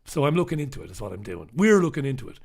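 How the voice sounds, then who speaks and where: This newspaper-review host races along in a mid-range voice that is very animated, a little mellow, slightly rough, and marked by vocal fry. Talking alone to his live audience, he's impassioned and emphatic, repeats his points, speaks bluntly, and swears now and then.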